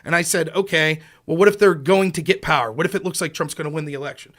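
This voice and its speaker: A middle-aged man hosting a political talk show, telling stories and acting out quotes with sudden jumps in pitch and volume. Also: fast, fairly bright tone. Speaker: podcast host. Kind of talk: political commentary, storytelling.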